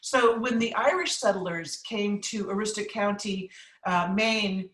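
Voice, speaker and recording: A woman's voice: medium pitch, unhurried, a bit bright, far from the mic. A woman chef and cookbook author from New England answers questions in a casual live cooking class, chatty and emphatic with many ums. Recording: roomy echo from off-mic.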